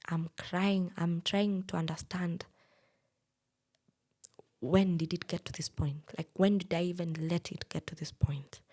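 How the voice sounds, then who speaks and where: A young Kenyan woman co-hosting a podcast, recounting a personal story in a hushed, breathy way. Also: fairly low pitch, fairly even intonation, measured pace. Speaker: podcast co-host.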